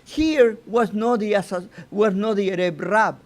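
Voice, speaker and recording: A man with a fairly high voice gives an unhurried, informal Torah lesson. He stops and restarts his phrases and keeps checking in with his listeners by asking "you know?". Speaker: rabbi teaching the weekly Torah portion.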